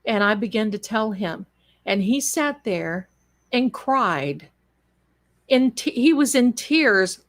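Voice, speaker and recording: A woman's voice: on the high side, fairly bright tone. A woman telling a spooky personal story on a live show in a chatty, dramatic and folksy way, calling her listeners darlings.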